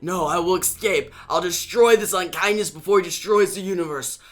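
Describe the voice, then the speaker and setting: A man voicing a fierce, proud ancient champion with a forceful, defiant delivery. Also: high-pitched, fairly quick, voice pushed up, close to an everyday voice.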